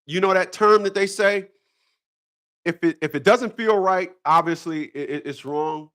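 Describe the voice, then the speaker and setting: A man's voice: high voice, measured pace, a bit bright. A man hosting a casual livestream talk, rambling, repeating himself and breaking into laughter. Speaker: channel host.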